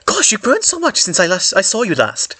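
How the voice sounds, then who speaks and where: A man voicing a gentle, motherly female troll who talks in a cooing, sing-song way, in a fan comic read-aloud. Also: sits high, huge pitch swings, a little fast, dry recording, voice pushed up, full character voice. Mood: doting.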